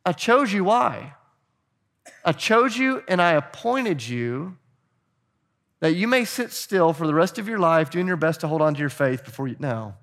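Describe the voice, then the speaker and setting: Man pastor, middle-aged, lively sermon delivery, slightly high-pitched, calls on the congregation. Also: moderate pace. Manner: animated preaching, urging the congregation to respond.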